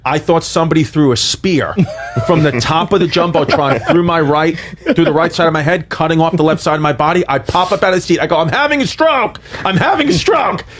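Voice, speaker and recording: A man telling a comedic story on a podcast, animated and profane, acting out the lines he quotes. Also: fairly high pitch, fast talker, a little hiss or hum.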